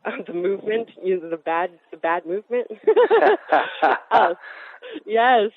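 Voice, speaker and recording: A woman from Colorado giving personal testimony as an interview guest, talking in fast, urgent phrases that restart often. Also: mid-range voice. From Colorado, USA. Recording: tinny phone-like line with faint hiss.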